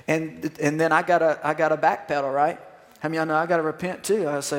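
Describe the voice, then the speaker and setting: A man's voice: on the high side, fast. A man, preaching a sermon as pastor and asking the congregation to respond. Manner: animated, call-and-response with congregation. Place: church sanctuary. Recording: long hall reverb.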